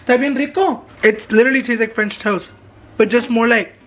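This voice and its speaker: A man vlogging in a casual, expressive way, swearing freely and mixing Spanish words into his English. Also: very high voice, a little fast. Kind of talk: casual vlog chat.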